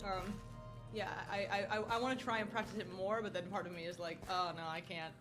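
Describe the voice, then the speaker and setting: A woman's voice: mid-range voice, steady tone, fast, over music. A woman chatting casually with her partner, giggly and a little self-conscious. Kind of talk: casual chat.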